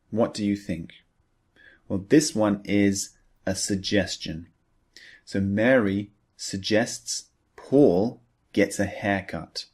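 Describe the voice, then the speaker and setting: A male English teacher with a lowish voice, giving a scripted lesson. He talks slowly and patiently and checks in with the listener through questions as he goes. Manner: measured, patient explaining with rhetorical questions.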